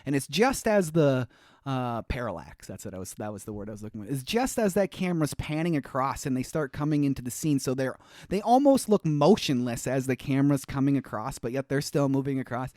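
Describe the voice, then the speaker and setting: A man's voice: medium pitch, expressive, a little fast, dark tone, no echo, studio quality. A man co-hosting a podcast, recapping a movie in casual chat, rambling and hunting for words, laughing often. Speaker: podcast co-host.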